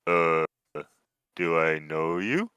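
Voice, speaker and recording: A man voicing a simple-minded male half-orc scavenger who speaks in slow, broken phrases in a tabletop game. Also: low voice, animated, bright, forceful tone, clean tone, dry recording, full character voice. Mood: confused. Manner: broken, halting speech.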